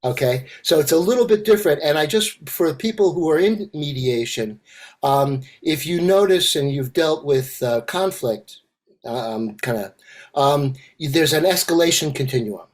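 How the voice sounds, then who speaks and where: An older man facilitating an online empathy circle, talking in a halting way with many fillers and restarts. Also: a little high, expressive. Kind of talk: casual online group discussion. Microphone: video call.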